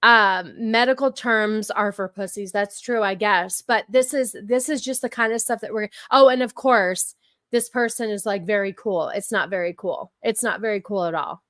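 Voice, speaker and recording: A woman's voice: medium pitch, moderate pace, a bit bright, dry recording, clean studio sound. A woman hosting a casual livestream, chatting with viewers and repeating herself with lots of fillers. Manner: talks back to chat, many fillers and repeats. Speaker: livestream host.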